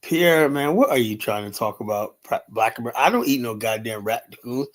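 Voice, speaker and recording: A man hosting a loose, rambling livestream. He swears freely and fills his talk with "you know" and "man." His voice sits at an ordinary middle pitch. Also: expressive, normal speed, few pauses. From United States. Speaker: livestream host.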